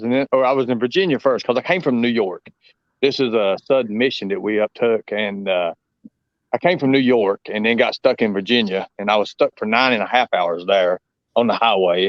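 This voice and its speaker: A man's voice: fairly low pitch, no echo, lo-fi sound. A man with a Southern US accent, chatting as a guest on a live stream, rambling and emphatic with lots of fillers. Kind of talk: casual live-stream chat.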